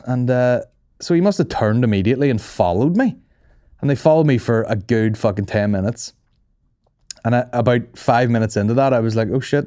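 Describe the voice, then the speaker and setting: A man, a comedy podcast host telling stories in a profane, animated way and acting out the other voices. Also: medium pitch, no echo, studio quality. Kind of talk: casual storytelling chat.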